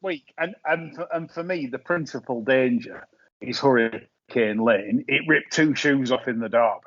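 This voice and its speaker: A man hosting a casual horse racing chat, talking in quick bursts with frequent restarts. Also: medium pitch, dry recording, highs cut off. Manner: chatty, hesitant restarts, laughs at own jokes. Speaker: podcast host.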